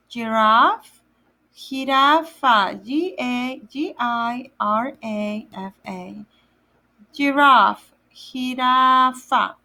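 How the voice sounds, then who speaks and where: In a slightly high, fairly bright voice on a low-quality recording, this woman teaches kids Spanish vocabulary for a day camp. Every word is repeated slowly and spelled out one letter at a time.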